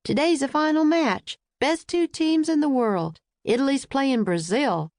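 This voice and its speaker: A woman's voice: high-pitched, measured pace, darkish tone, no room sound, pitched above the performer's own voice. Easygoing Southern male guard, friendly drawl, a woman doing him, dry room. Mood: excited.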